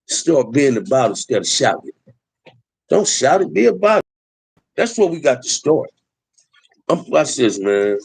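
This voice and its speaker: A man's voice: fairly high pitch, darkish tone, slightly rough, no echo, low-quality recording. A middle-aged man, talking emphatically in a preachy street style as host of a livestream. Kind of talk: impassioned livestream talk.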